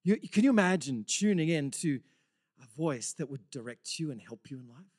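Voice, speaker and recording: A man preaching a sermon, earnest and excitable, swinging from loud exclamations to hushed whispers and often repeating words. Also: fairly high pitch, moderate pace. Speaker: pastor.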